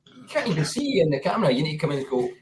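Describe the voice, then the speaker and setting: A laid-back Scottish man chatting on a livestream and swearing casually. His pitch swings up and down in a lively way. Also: rapid-fire, a little hiss or hum. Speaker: guest on a livestream. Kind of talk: casual chat.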